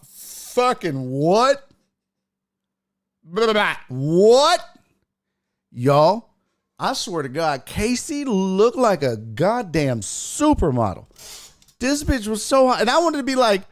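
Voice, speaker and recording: A man's voice: on the high side, very animated, takes it slowly. A man hosting a sports stream, telling a story with lots of cursing and quoted voices. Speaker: sports show host. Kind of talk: casual livestream chat and storytelling.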